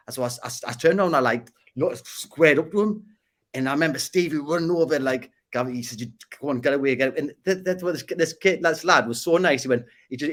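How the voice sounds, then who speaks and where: A man with a Geordie accent, a podcast guest telling stories in casual conversation, repeating and restarting words as he goes. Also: mid-range voice. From Northeast England. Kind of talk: casual interview storytelling.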